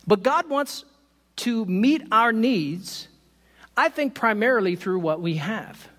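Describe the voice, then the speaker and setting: A man preaching a sermon to his congregation, animated and quick to poke fun at himself with laughing asides. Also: high voice, in a large hall. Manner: animated, self-deprecating humor, laughs at own stories. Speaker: pastor. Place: church sanctuary.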